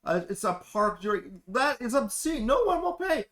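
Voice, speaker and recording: A man's voice: very high-pitched, very animated, moderate pace, fairly bright tone, heavily acted. A man doing a fussy indignant complainer. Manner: huffy, flustered, complaining. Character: fussy indignant man haggling over parking fees.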